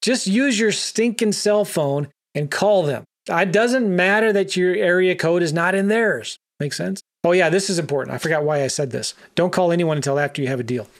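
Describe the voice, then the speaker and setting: A man's voice: high-pitched, normal speed, few pauses. A man teaching land investing, talking emphatically and directly to the viewer. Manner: emphatic, animated, talks straight to the viewer. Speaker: real estate investor teaching. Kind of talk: energetic coaching talk.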